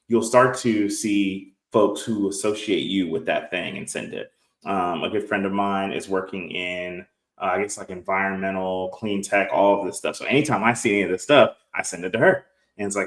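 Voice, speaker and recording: A man in his late thirties, a guest entrepreneur speaking earnestly and reflectively in a podcast interview, often quoting others in quick bursts. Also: on the low side. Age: 30s. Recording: echoey room.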